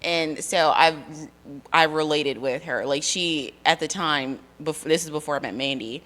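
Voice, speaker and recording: A woman's voice: deep voice, measured pace, a bit bright. A woman in her thirties in casual conversation, telling rambling stories with lots of fillers and laughter. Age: 30s. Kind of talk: casual chat.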